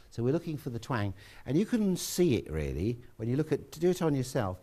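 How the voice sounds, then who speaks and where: A man giving a relaxed, chatty classroom lecture, with asides to students. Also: medium pitch, brisk, hardly any pauses.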